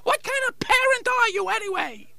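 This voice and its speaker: A man's voice: lively intonation, normal speed, bright, forceful tone, no room sound, heavily acted. A man voicing a big-mouthed male wooden ventriloquist's dummy in a comedy podcast routine, whiny and theatrical. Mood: aggrieved. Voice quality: squeaky, gravelly.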